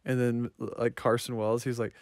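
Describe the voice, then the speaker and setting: A man's voice: mid-range voice, level tone, normal speed, no echo, studio quality. A man co-hosting a casual movie podcast, rambling and full of filler words. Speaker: podcast co-host. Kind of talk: casual movie review chat.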